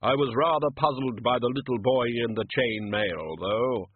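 A man voicing Death as a grave, slow-talking figure trying to be jolly, in a tinny recording. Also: medium pitch, husky, no room sound, natural voice. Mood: pleased, solemn. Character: Death, grave male figure playing a jolly gift-giver. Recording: tinny phone-like audio.

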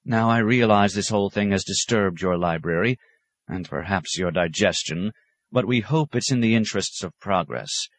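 A man voicing a stern, weary male abbot who speaks with measured, firm authority. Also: lowish voice, no echo, natural voice.

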